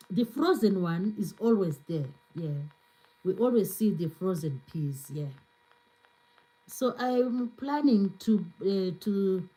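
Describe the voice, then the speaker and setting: A woman's voice: medium pitch, warm tone, rough recording. A woman hosting a cooking livestream, chatting casually, greeting viewers and reading their comments, repeating herself and laughing often. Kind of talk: casual live-stream chat reading comments.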